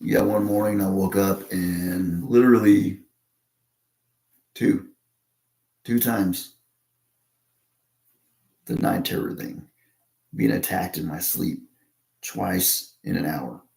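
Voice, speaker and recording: A low-pitched American man with a gravelly, creaky edge rambles through a casual monologue. He stops and restarts often, padding his talk with fillers. His voice rings in a noticeably echoey room. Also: warm tone. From United States. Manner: halting, with many fillers and restarts.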